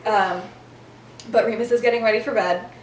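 A woman's voice: on the high side, steady tone, normal speed. A young woman hosting a podcast, chattily retelling a story and acting out the characters' lines with frequent laughter. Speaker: podcast host. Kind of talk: casual storytelling recap. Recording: roomy, distant mic with faint noise.

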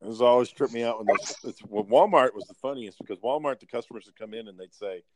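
A man telling work stories in casual chat, animated and profane, acting out the people in them. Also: mid-range voice, quick pace, crowd noise.

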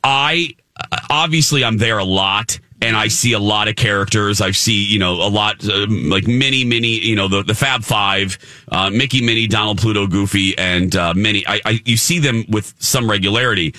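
A man co-hosting a podcast, chatting casually and telling a lively story. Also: lowish voice, normal speed, no echo, clean studio sound. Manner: animated storyteller. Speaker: podcast co-host. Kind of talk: casual chat.

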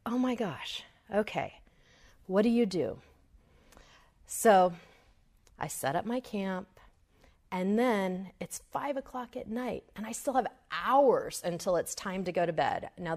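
A middle-aged woman giving a storytelling talk at a summit, animated and acting out her own inner voice. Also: lowish voice. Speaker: speaker at a summit.

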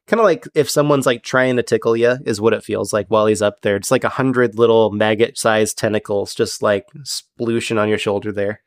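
A man's voice: lowish voice, steady tone, brisk, few pauses, no echo, clean studio sound. A man narrating as game master in a loose, chatty way. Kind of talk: casual tabletop game narration.

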